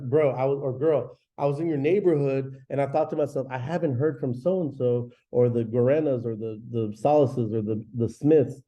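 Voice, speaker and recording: A man giving a casual, energetic coaching talk to an audience of real estate agents, slangy and quick, often acting out little phone calls. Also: medium pitch, muffled recording.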